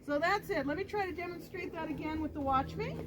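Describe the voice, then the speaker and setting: High-voiced woman dog trainer. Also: a little fast. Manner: explains steps plainly, praises the dog in a high sing-song voice. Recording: loud background noise.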